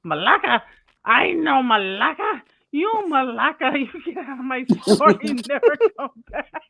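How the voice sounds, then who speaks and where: A speaker putting on the voice of a gruff male immigrant liquor store owner who angrily orders a customer out of his shop. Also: high voice, lively intonation, a little slow, pushed and bright, pitched above the performer's own voice, heavily acted. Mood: angry. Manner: angry, shooing someone out.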